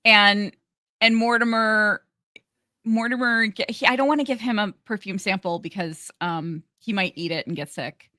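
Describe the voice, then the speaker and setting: A woman co-hosts a chatty podcast, breaking into giggles and restarting her sentences as she goes. Her voice is bright and ringing, and the recording is dry and close. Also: medium pitch, no echo. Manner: giggly, halting, many restarts. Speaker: podcast co-host. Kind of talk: casual podcast chat.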